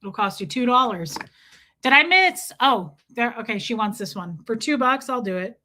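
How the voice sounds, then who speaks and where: A woman hosting a livestream in casual chat, playful and loud, her voice going a little hoarse. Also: fairly high pitch, animated, normal speed, a little hiss or hum. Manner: playful, sings along loudly between chatter. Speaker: livestream host.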